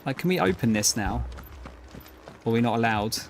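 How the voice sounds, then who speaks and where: A man's voice: medium pitch, animated, brisk, a little hiss or hum. A man streaming a video game, reading lore entries aloud and adding wry, casual asides. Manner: wry, casual asides between read-out passages.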